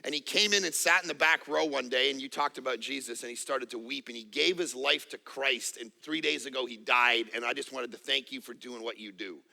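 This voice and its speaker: A man's voice: medium pitch, brisk, creaky, few pauses, pushed and bright. A man in his forties preaching a sermon as pastor, emphatic and repetitive, with joking asides. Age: 40s.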